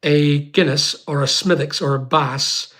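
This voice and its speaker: A Northern Irish man hosting a live stream from his home studio, his voice sitting fairly high. He answers viewers' comments in a chatty, rambling way, often calling them mate. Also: steady tone, fairly bright tone. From Northern Ireland. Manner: chatty, rapid and rambling, calls people mate. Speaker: livestream host.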